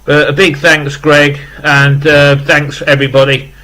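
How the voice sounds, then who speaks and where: A man's voice: a little high, level tone, a little slow, bright, forceful tone, rough recording. A British man in his fifties chatting casually in an unboxing vlog, rambling with lots of fillers, emotional and close to tears. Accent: British English. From England. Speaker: vlogger.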